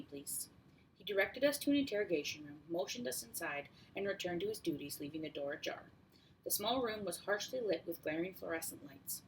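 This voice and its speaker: A woman reads a first-person story in a steady, measured way. Her voice sits on the low side, and a faint hiss runs under the recording. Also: poor audio. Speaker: audiobook reader. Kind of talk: first-person audiobook narration.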